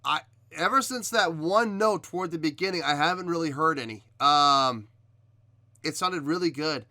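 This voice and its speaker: A man hosting a reaction video, giving measured critique in casual talk, often pausing with ums and restarting his sentences. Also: fairly high pitch, bright, forceful tone, no room sound, studio quality. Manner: hesitant, many ums and restarts. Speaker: reaction video host reviewing a singer. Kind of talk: casual spoken commentary.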